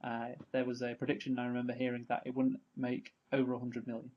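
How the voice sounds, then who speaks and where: A man's voice: medium pitch, monotone, fast. Male podcast co-host, mid-range voice, teasing and matter-of-fact, dull recording. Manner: teasing, reveals answers plainly. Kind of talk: casual podcast chat.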